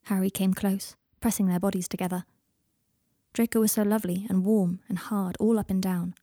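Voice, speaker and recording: A woman narrating fiction aloud in a soft, even voice, dropping to whispers on speech tags. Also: medium pitch, normal speed, dry recording, clean studio sound. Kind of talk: audiobook fiction reading.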